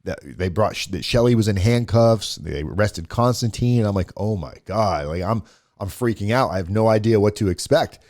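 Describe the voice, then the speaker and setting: A man's voice: fairly low pitch, normal speed, a little mellow. A man, a guest on a show, casually retelling a personal story and quoting what others said along the way. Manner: conversational, quotes others in the retelling, frequent restarts. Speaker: guest telling his story.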